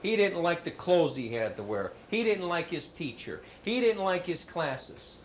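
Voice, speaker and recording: A man giving a motivational talk to schoolchildren, telling jokes in an animated, hammy storytelling manner in a school hall. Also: on the high side, measured pace. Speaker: motivational speaker. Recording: roomy hall with faint background noise.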